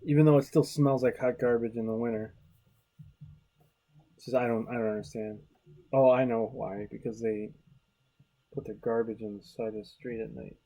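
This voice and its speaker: An artist chatting casually while drawing, relaxed and rambling, with frequent swearing and trailing restarts. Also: medium pitch, moderate pace, long pauses. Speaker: artist hosting a drawing video.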